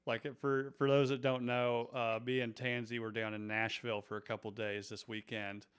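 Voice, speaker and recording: A man from North Carolina hosting a podcast, chatting in an easygoing way. His voice is smooth and clear at a middle pitch. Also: moderate pace. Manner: relaxed, chatty. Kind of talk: casual podcast chat.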